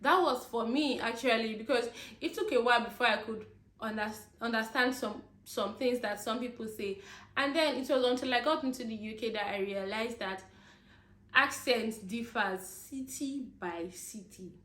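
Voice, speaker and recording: A young woman vlogging in a casual rant, calling her viewers guys and laughing as she goes. Her voice sits slightly high. The room echoes noticeably around her. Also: normal speed, a bit bright. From Nigeria. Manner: chatty, laughing asides, addresses viewers as guys.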